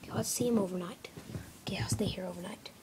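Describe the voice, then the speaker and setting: A woman voicing a suspicious red bird toy in a homemade skit, talking in hushed, conspiratorial whispers. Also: a little high, a little fast, noisy background, lightly acted.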